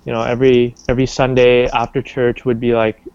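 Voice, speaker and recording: Being interviewed, this young man from Canada has a medium-pitched, resonant, clear voice and a brisk delivery. His casual talk wanders, full of fillers and false starts, and livens up whenever he quotes someone. There's no echo, but the sound is lo-fi.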